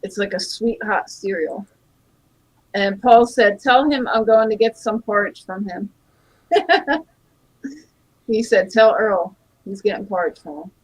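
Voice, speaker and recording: A woman's voice: medium pitch, a little slow, long pauses, breathy edge, poor audio. A woman in a casual chat, talking easily and passing on what others in the room say. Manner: chatty, relays what others say, laughs often.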